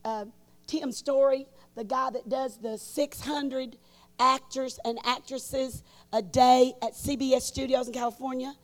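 Lady preaching at a conference, highish voice, goes loud then hushed, storytelling. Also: unhurried. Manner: animated, shifts between loud bursts and hushed asides. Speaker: conference speaker. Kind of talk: storytelling sermon. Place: large conference hall.

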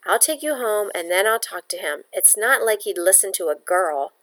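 A woman's voice: mid-range voice, expressive, normal speed, a bit bright, lightly acted. Woman reading an exasperated young man. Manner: exasperated, explaining. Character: young man, anxious and impatient.

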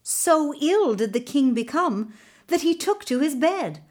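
A woman telling a folktale aloud with expressive, deliberate narration. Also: high voice. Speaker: storyteller. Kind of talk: folktale storytelling.

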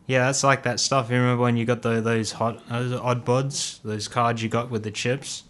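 A laid-back young man chats casually as a podcast co-host. His replies are short and hesitant. He speaks in a flat, monotone voice that sits at an average pitch. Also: moderate pace, a little hiss or hum.

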